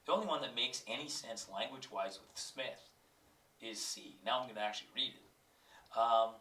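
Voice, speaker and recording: A man's voice: medium pitch, moderate pace, pushed and bright, roomy sound, distant mic. A man with a cold, a teacher thinking aloud as he works through exam questions and reads passages aloud. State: has a cold.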